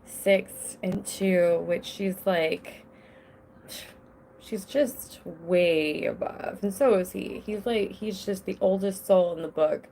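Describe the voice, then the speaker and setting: A woman's voice: mid-range voice, steady tone, slow, vocal fry, dark tone, a little hiss or hum. A young woman hosting a casual solo podcast from home, rambling and restless, often breaking off mid-sentence. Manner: rambling, restless, self-interrupting. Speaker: podcast host. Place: home with children nearby.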